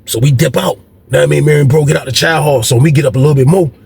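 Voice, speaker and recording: Husky fast-talking man telling a story. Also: fairly high pitch, darkish tone. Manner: slangy, profane, repeats himself. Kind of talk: casual storytelling.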